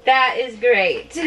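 A woman's voice: high voice, a bit bright, a little hiss or hum. A woman vlogging at home who chats in a gushing, emotional way, full of "like" fillers, while opening packages with her toddler. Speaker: family vlogger. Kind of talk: casual vlog chat with a toddler.

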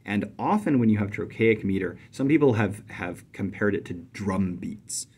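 Low gravelly man explaining poetry. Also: expressive. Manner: measured, emphatic on stressed syllables, drops to soft low voice when reciting. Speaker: poetry teacher. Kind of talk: explanatory lesson with poem recitation.

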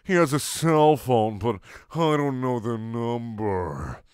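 A man voicing a flustered young friend in a comic fanfic reading, with a plain, deadpan delivery. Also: medium pitch, slow, smooth, no room sound, studio quality.

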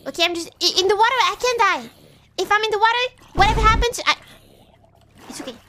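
A woman from Europe commentating her live game stream in an excitable way, often breaking into startled shrieks. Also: very high voice, quick pace, a little hiss or hum.

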